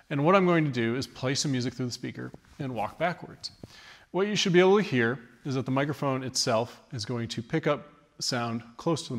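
A man teaching audio engineering, explaining microphone patterns in a steady, clear way while he walks around the mic in a large recording studio. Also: medium pitch. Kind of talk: studio demonstration lesson. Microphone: studio condenser mic at varying distance. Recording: roomy studio reverb, voice moving off-mic.

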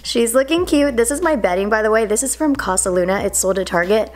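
A woman's voice: fairly high pitch, lively intonation, fast talker. A young woman in her twenties chatting casually to camera in a home vlog, upbeat and full of "like" and "literally". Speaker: vlogger. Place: home indoors.

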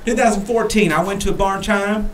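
A man's voice: sits high, fast, crowd noise. A man co-hosting a talk show, telling a rambling comic story and repeating lines for laughs.

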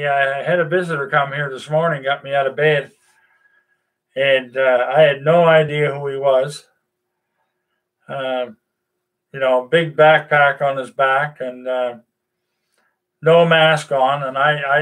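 An older man, casually chatting to his viewers in a rambling, folksy way with lots of pauses. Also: on the high side, fairly bright tone. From Nova Scotia, Canada. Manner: rambling, folksy, many "uh"s and restarts. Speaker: vlogger. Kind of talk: casual chat to camera.

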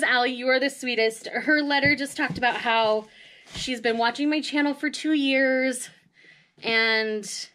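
A woman's voice: fairly high pitch, fairly bright tone. A woman hosting a casual unboxing vlog, gushing and emotional, often laughing as she talks to her viewers. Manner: chatty, addresses viewers directly. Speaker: manga vlogger.

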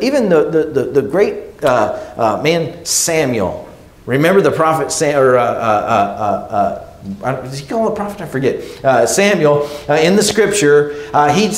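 Conversational preacher in an echoey church. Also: male voice, fairly high pitch. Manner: conversational, many restarts, checks in with "okay?" and "right?". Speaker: pastor. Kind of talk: sermon. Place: church sanctuary.

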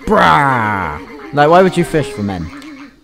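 A man's voice: medium pitch, very animated, normal speed. Swearing young gamer guy. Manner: crude, swearing, mocking the game. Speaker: gaming YouTuber. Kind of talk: gameplay commentary.

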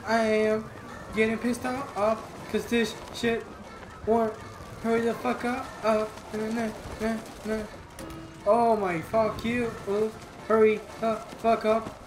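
A man giving gameplay commentary, frustrated and swearing constantly. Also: high voice. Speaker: gamer. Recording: roomy with loud background noise.

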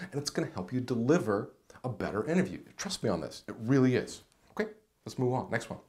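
A middle-aged man giving an enthusiastic, animated video lesson as a career coach, speaking straight to the camera. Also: fairly high pitch. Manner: energetic, animated, direct to camera. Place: indoors, seated on camera.

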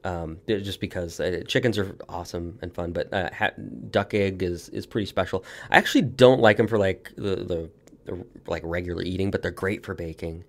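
A man's voice: deep voice, a little fast. A man with an American accent, a farmer guest talking casually on a podcast, rambling with many restarts and fillers.

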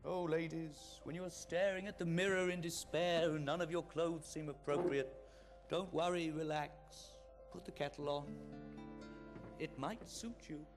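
A male comedian with a London accent delivering a deadpan mock sermon with a gruff, blokey put-on voice. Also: a little high, measured pace, music in the background. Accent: London English.

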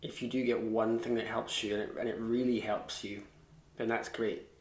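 Male fiddle tutor, lowish voice, casual and self-deprecating, echoey room. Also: flat delivery, normal speed. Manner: chatty and self-deprecating, with scat-sung rhythms. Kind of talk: relaxed online music lesson.

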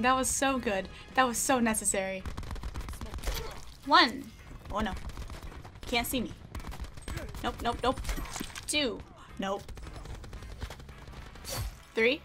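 A young woman giving giggly, excitable commentary while playing a video game. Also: fairly high pitch, slow, long pauses, faint music behind. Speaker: gaming streamer. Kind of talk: live gameplay commentary.

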